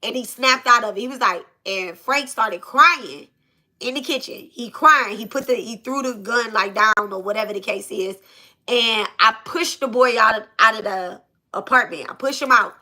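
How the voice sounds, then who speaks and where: Black lady doing a storytime, kinda high bright voice, animated, swears a lot. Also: moderate pace. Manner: animated, repeats phrases, swears freely. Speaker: channel host. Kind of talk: casual storytime.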